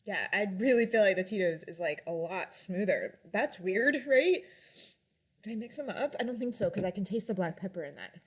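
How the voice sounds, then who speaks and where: A woman's voice: mid-range voice, animated, normal speed, slightly rough. A young adult woman in casual chat, reviewing drinks and books in a rambling way with lots of fillers.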